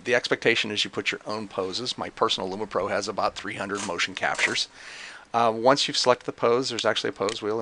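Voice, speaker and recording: Gravelly low-voiced man explaining software. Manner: casual, thinking aloud with many fillers. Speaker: software demonstrator. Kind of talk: screen-recorded software tutorial. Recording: noisy home recording with mouse clicks.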